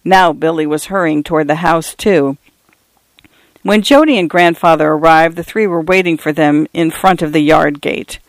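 A man narrates an audiobook in a steady, even storytelling manner. His voice sits a little higher than most men's. The recording is close and dry with no room echo. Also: moderate pace. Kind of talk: audiobook reading.

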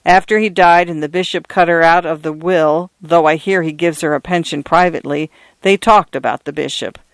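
A man's voice: a little high, steady tone, normal speed, vocal fry, fairly bright tone, no echo. Guy reading tired cold priest in his fifties, short dry replies, dry close sound. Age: 50s. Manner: dry, curt. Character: weary, cold aging male priest.

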